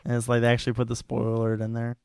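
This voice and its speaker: A young man hosting a casual podcast chat, excitable, laughing often and swearing casually. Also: mid-range voice, racing, creaky, clear, resonant tone, no room sound. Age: young adult. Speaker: podcast host.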